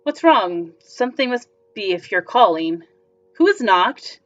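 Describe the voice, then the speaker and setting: A woman voicing a composed, formal male vampire from a story game, speaking in a calm, measured way, on a slightly dull lo-fi recording with faint music behind. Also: mid-range voice.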